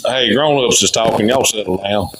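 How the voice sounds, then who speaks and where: A man with a Louisiana accent, hosting a casual podcast and telling animated stories about prank callers. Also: on the low side, moderate pace, a loud crowd, rough recording. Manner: drawling, animated storyteller, voices quoted callers. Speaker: podcast host. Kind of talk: casual storytelling chat.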